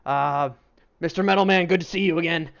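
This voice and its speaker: A man voicing a hearty, jovial male dwarf who heads a temple, speaking loudly. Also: fairly high pitch, fairly quick, muffled recording, pitched above the performer's own voice.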